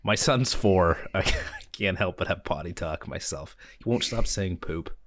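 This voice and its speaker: A man co-hosting a casual podcast, bantering and teasing with quick jokes. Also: deep voice. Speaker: podcast co-host. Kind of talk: casual chat.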